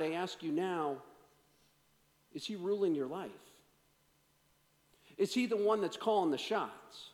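A man preaching a sermon as a pastor, swinging from energetic to hushed delivery. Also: high voice, in a large hall.

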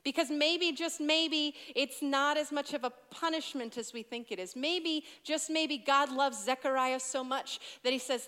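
A woman's voice: high voice, measured pace, hardly any pauses, pushed and bright. A young woman in her twenties preaching as a youth pastor, telling stories conversationally with asides to teenagers. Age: 20s. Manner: conversational storytelling with asides to teens. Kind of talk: sermon. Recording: long reverb of a large hall.

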